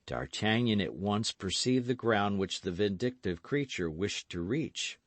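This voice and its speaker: A man narrating a classic novel as an audiobook in a measured, unhurried manner. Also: lowish voice, expressive, no echo. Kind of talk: scripted narration.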